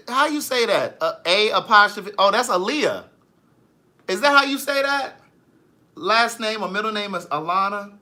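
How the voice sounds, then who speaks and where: Male vlogger, sassy and animated, bright voice, pitch swings widely. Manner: sassy, animated, reads viewer comments aloud. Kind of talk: live-stream chat.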